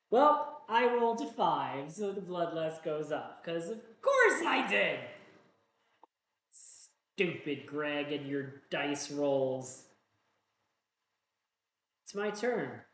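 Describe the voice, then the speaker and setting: A man casually playing a solo tabletop game, reading gruesome card stories aloud and joking at his own bad luck, in a roomy, echoey room. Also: sits high. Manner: self-mocking, groans about bad dice rolls. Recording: roomy echo.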